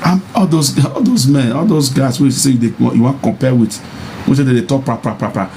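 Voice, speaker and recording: A man's voice: a little fast, mellow. A man speaking in a Nigerian Pidgin accent, giving a preachy monologue of advice to other men. He hammers points home through repetition and swings up into mocking taunts. His voice sits mid-range, with a faint hum of air conditioning behind him. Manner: insistent and repetitive, mocking, rising to high taunts. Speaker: social media personality.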